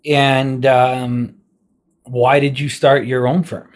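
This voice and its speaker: A man's voice: medium pitch, level tone, takes it slowly. A man hosting a podcast, asking questions in an upbeat, enthusiastic, casual way. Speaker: podcast host. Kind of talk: casual interview chat.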